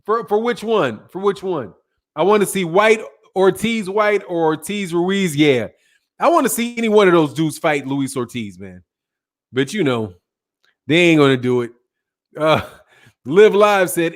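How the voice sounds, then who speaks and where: A middle-aged man hosting a boxing channel, chatting casually and a little tiredly, rambling with slang and self-corrections as he reads viewer comments. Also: high voice. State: tired, yawning. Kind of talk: casual livestream chat reading viewer comments.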